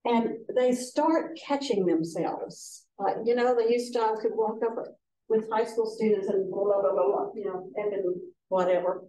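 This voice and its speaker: A woman's voice: mid-range voice, normal speed, mellow, a little hiss or hum. An older woman, teaching a casual workshop for foster care advocates in a folksy way that acts out quotes in different voices. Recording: echoey room, voice from a distance.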